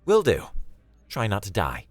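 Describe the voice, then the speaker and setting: A man voicing a brisk, commanding woman military leader in a sci-fi story narration. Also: fairly low pitch, wildly swooping pitch, dry recording, faint music behind, voice pushed up, exaggerated voice. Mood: wry.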